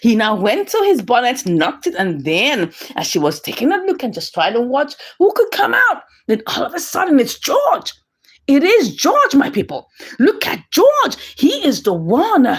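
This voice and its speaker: A woman, recapping a drama episode in an excitable way, often laughing and exclaiming. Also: high-pitched, moderate pace, husky. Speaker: movie recap commentator.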